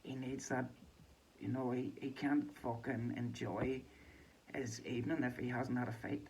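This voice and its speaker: A man's voice: medium pitch, flat delivery, unhurried, darkish tone, a little hiss or hum, rough recording. A Northern Irish man giving a casual, sweary and rambling boxing reaction with a mocking tone. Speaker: boxing commentator. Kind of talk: casual chat.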